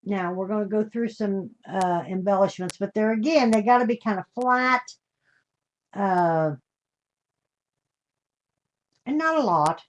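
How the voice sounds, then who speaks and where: An older woman with a medium-pitched voice speaks at a moderate pace while hosting a live craft demonstration. She chats in a homey manner and greets viewers with terms of endearment.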